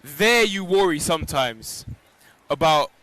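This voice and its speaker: A man's voice: on the high side, expressive, measured pace, pushed and bright, no room sound. Reflective man telling a personal story. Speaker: interview guest. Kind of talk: live outdoor broadcast interview. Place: outdoors on a pilgrimage walk.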